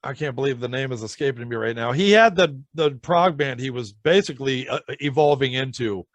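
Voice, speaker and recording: A man's voice: mid-range voice, a little fast, dry recording, lo-fi sound. A man hosting a podcast in casual chat, enthusiastic and swearing, calling people "brother" and "dude". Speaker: podcast host.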